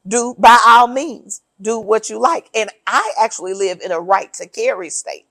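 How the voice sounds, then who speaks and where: A woman's voice: a little high, moderate pace, pushed and bright, no room sound. Emphatic woman in dry close sound. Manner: emphatic, sardonic, lays out points one by one. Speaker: podcast co-host. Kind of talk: casual political chat.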